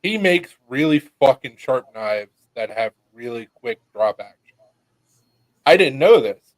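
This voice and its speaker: A man's voice: mid-range voice, lively intonation, a little slow, no echo, poor audio. Laid-back swearing man, dry close sound. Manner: laid-back storyteller, swears, laughs often. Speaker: podcast co-host. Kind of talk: casual chat.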